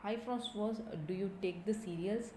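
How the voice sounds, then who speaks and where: A woman's voice: mid-range voice, normal speed, mellow. A woman teaching a recorded French lesson, reading dialogue lines and then translating each one into English. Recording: echoey room, faint ambient noise.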